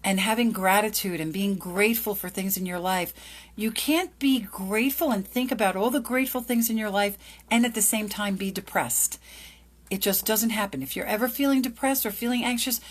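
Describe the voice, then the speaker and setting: A middle-aged woman and lawyer hosting a motivational talk, upbeat, acting out little dialogues in a brighter voice. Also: mid-range voice. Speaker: lawyer and podcast host. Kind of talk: motivational monologue.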